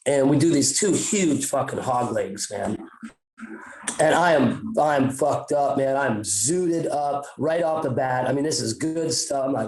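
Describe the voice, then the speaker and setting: A man's voice: on the high side, measured pace, darkish tone, echoey room, low-quality recording. A man telling a story on a podcast in a casual, profane, rambling way with many restarts. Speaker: podcast co-host.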